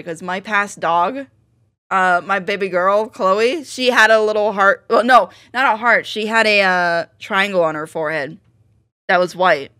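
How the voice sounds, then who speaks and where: Excitable young woman reacting to an episode. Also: mid-range voice. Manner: excitable, breaks into shrieks and laughter. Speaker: reaction video host. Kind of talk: casual reaction commentary.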